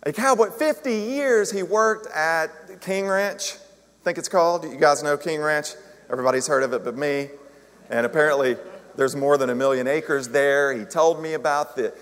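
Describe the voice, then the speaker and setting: A man's voice: on the high side, normal speed. A male minister giving a conversational sermon, telling a story with self-deprecating humor. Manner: chatty, self-deprecating humor, animated retelling. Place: church sanctuary. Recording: long reverb of a large hall.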